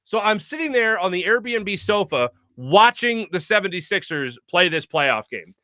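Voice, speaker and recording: A man hosting his radio show, telling a story in a chatty, animated way full of fillers, recorded on a studio mic. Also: high voice, normal speed, dry recording. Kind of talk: casual solo monologue.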